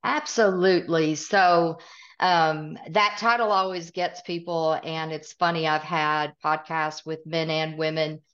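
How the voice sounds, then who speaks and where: A woman's voice: deep voice, steady tone, unhurried, a bit bright, lo-fi sound. A middle-aged woman with a Southern Tennessee accent, a guest speaking directly and upbeat about her work. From East Tennessee. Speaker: guest, author and trainer.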